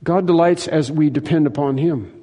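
Pastor, homem, sermão enfático, voz meio aguda, salão reverberante. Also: male voice, fairly high pitch, normal speed, warm tone. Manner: emphatic, repeats phrases for stress, acts out quoted lines. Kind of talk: sermon.

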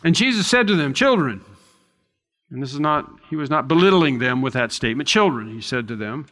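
A man's voice: mid-range voice, animated, quick pace, fairly bright tone, big-room sound. A man preaching an expository sermon in a conversational, reflective way, often restarting and adding asides.

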